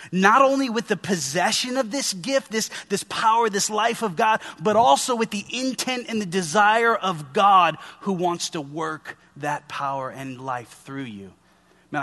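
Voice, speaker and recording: Bright-voiced earnest young pastor. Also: male voice, on the high side. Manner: earnest, conversational, addresses listeners as guys. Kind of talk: sermon.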